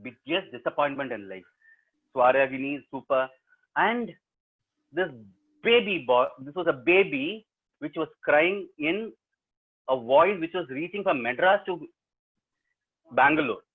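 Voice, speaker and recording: Husky Indian storyteller on a tinny call. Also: male voice, a little high, a little slow, pauses often. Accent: Indian English. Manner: animated, quizzes the audience. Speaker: professional storyteller. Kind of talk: live oral storytelling to students. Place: remote webinar, home setup. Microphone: video call. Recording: tinny webinar call audio.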